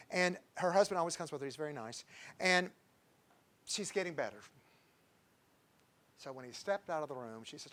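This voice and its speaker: Chatty doctor, high-pitched man. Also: a bit bright. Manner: chatty, digressive, tells patient stories with chuckles. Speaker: doctor giving a health talk. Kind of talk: informal health lecture.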